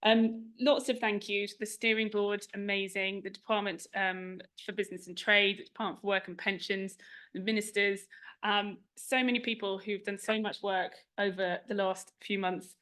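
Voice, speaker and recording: A woman's voice: mid-range voice, steady tone, moderate pace, fairly bright tone. Woman chairing a launch, chatty and informal, rattling through thanks. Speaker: review chair giving closing thanks. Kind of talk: event speech. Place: event room at a launch.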